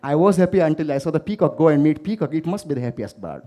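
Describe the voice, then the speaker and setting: A man's voice: a little high, expressive, quick pace, mellow, close to an everyday voice. A man voicing a colourful parrot who apologetically admits it is no longer happy, in a fable. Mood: regretful.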